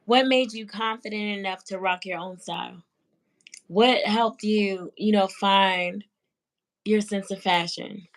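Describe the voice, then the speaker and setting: Slow-talking woman hosting a chat. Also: medium pitch, fairly even intonation. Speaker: interviewer, show host. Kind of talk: casual interview conversation.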